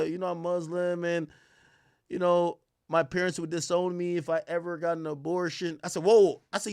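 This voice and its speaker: A man's voice: a little high, a bit bright, dry recording, studio quality. A young man hosting a podcast, telling a long personal story in casual, profane talk and quoting others in his own voice. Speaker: podcast host.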